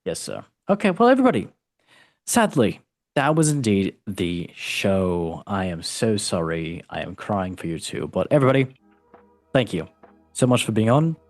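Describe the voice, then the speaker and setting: A man's voice: low-pitched, lively intonation, a little slow, dry recording, soft background music. A man hosting a casual football show and quiz, talking in a playful, self-mocking way with big swings in delivery. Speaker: show host and quizmaster. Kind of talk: casual online show chat.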